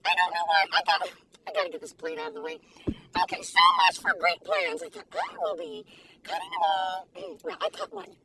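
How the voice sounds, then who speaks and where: A woman taste-testing food in a casual vlog, talking in an excitable, giggly, gushing way. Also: very high-pitched, a little fast, vocal fry. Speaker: food reviewer. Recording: distant mic with faint background noise.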